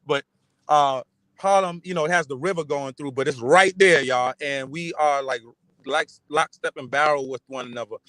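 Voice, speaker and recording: A man's voice: fairly high pitch, moderate pace, fairly bright tone, dry recording, rough recording. A man from the Bronx with a New York accent, hosting a livestream and reading chat in a rambling, emphatic, streetwise way. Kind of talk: casual livestream talk.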